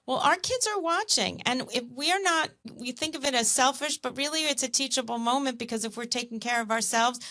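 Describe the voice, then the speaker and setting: A woman's voice: high voice, brisk, few pauses, sharp tone. A woman hosting a podcast interview, chatting and affirming her guests as she asks questions. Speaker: podcast host. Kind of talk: conversational interview.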